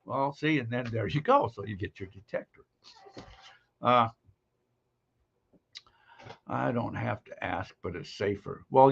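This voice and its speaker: A man's voice: fairly low pitch, vocal fry, sharp tone, slightly rough, dull audio. Rambling, joking live-stream host, man. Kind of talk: casual live-stream chat.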